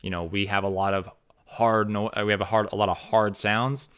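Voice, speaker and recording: A man's voice: fairly low pitch, flat delivery, fairly quick, a bit bright, smooth. A man, a fantasy author giving his opinions in a rambling, casual monologue full of restarts and fillers.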